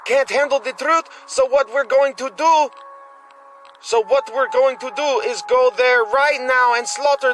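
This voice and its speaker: A man voicing a hotheaded young male survivor who shouts accusations. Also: very high voice, pitched above the performer's own voice.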